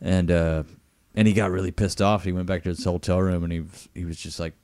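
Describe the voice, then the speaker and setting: Low-voiced male podcast host, casual and laughing, dry close mic. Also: brisk, dry recording. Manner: laughs often, animated retelling of comedy bits. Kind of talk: casual chat.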